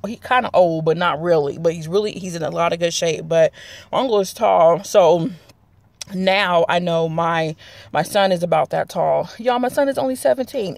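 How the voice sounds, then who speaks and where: A woman's voice: on the low side, no echo. A woman, chatting casually to her viewers in a rambling vlog. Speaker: vlogger. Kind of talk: casual chat to camera.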